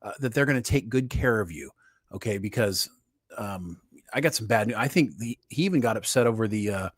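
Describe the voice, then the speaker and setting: Man, podcast co-host, heated and laughing, animated pitch, dry close mic. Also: brisk, breathy edge, no echo. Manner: laughing often, emphatic and heated. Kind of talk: casual political commentary.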